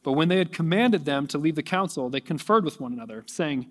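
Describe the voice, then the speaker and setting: Animated preaching man in a big hall. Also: a little high, a little fast, hardly any pauses. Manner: animated preaching, rising to near shouting at peaks. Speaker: pastor. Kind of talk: sermon.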